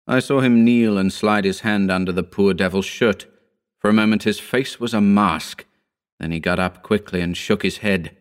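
A man narrating a horror story in a slow, grave, deliberate reading. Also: lowish voice, clear, resonant tone.

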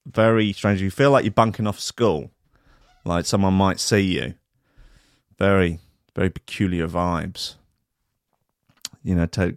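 A man hosts a radio show in a loose, rambling monologue full of crude jokes and stammered restarts. His voice is fairly low, and the recording is dry with no room echo. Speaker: radio host.

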